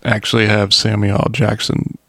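A man's voice: fairly low pitch, level tone, normal speed, a bit bright. A man co-hosting a podcast, joking in an easygoing casual chat. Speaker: podcast co-host.

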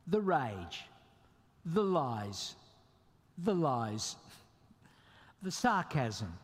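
A man preaching a sermon as pastor, emphatic and animated, with sudden jumps in pitch. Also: breathy edge. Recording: long reverb of a hall.

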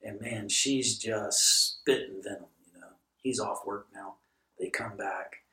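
Taking it slowly in a lowish voice, this middle-aged man, a guest pastor, shares stories in a podcast conversation and brings them to life by acting out the dialogue. A distant mic gives the recording a roomy sound.

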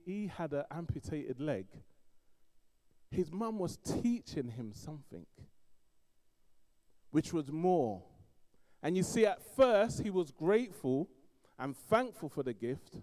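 Middle-aged London-accented man, animated preacher, mellow dark tone. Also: a little high, unhurried. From East London. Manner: animated storytelling, swings between loud emphasis and quiet asides. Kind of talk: sermon.

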